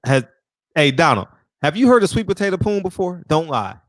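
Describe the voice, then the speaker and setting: A man hosting a casual livestream, from the American South, trading loud, profane, laughing banter with his viewers. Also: a little high, very animated, a little fast, dry recording, studio quality. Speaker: livestream host chatting with viewers.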